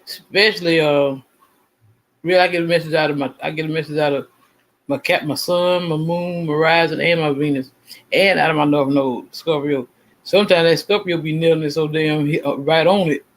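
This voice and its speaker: A man's voice: fairly high pitch, steady tone, moderate pace, low-quality recording. A man hosting a casual livestream, talking in a rambling, emphatic and self-assured way, often repeating himself. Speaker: channel host.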